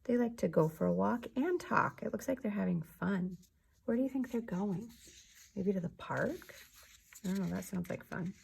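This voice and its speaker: A woman teacher leading an early reading lesson for young children, speaking slowly and clearly and drawing out her words. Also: mid-range voice, expressive, darkish tone. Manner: slow, clear teacher talk with drawn-out words.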